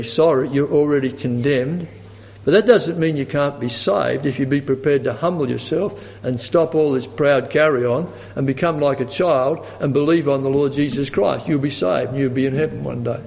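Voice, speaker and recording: A man's voice: on the high side, moderate pace, creaky, darkish tone. A man preaching a sermon emphatically and chuckling as he tells a story. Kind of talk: sermon with anecdote. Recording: echoey hall, dull lo-fi sound.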